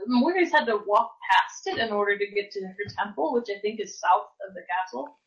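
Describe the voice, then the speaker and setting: A woman's voice: medium pitch, lively intonation, brisk, a bit bright, dull audio. A woman playing a tabletop game, chatting casually and joking with the group. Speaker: player.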